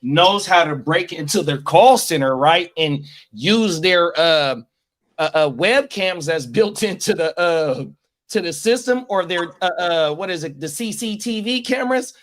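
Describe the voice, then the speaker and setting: A male podcast host with a high-pitched voice, chatting loosely. His talk is full of slang and cursing, and he stays animated throughout. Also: a little slow. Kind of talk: casual chat.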